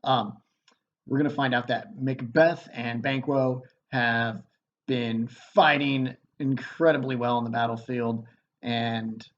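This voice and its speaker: A man teaching a literature lesson in a relaxed, chatty way, recorded on a computer mic. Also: mid-range voice, muffled recording.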